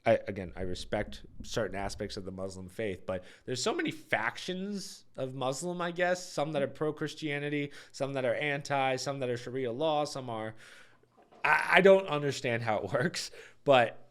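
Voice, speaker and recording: A man's voice: mid-range voice, expressive, moderate pace, smooth. A young man hosting a casual podcast chat from his ground-floor home, talking loosely with frequent restarts and laughs. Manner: chatty, stumbling restarts, laughs often. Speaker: podcast host.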